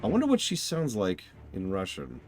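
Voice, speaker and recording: Joking lowish-voiced game streamer. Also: male voice, wildly swooping pitch, normal speed, darkish tone. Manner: joking, rambling, self-deprecating. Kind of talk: casual game stream commentary.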